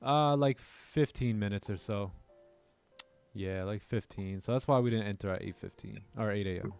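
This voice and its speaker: A man hosting a casual trading livestream, chatting loosely with viewers and answering their chat messages. He jokes around and laughs often. A faint music bed plays quietly behind his voice. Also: on the low side, moderate pace, gravelly, clear, resonant tone. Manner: joking, laughs often, reads chat aloud. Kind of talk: casual live-stream chat.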